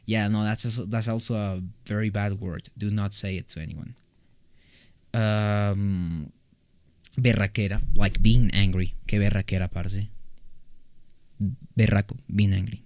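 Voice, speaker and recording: A young man from Colombia talks loosely to his stream chat from his home recording room, joking and circling back on his own sentences. His voice sits on the low side. The sound is dry, with no room echo. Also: steady tone, unhurried, pauses often, darkish tone. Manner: rambling, loose and joking, with frequent restarts. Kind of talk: casual live-stream chat.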